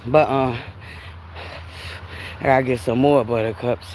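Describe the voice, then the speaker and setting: Speaking in a very deep, unhurried voice, a woman walks outdoors along a river while livestreaming, a little breathless from the heat. She's chatty and animated, laughs frequently, and refers to viewers as Buttercups. A little hiss or hum comes through.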